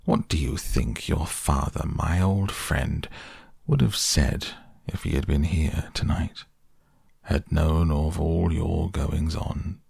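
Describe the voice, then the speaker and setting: Man voicing a stern old male badger, thin, dry, breathy, low, storybook reading. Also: dry recording, heavily acted. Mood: severe. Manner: severe, slow and quiet.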